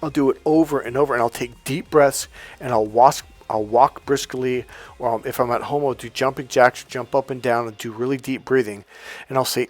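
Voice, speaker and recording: Guy coaching people through a mantra, emphatic and repetitive, soft music under him. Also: mid-range voice, steady tone, moderate pace. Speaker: life coach. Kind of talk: motivational coaching monologue.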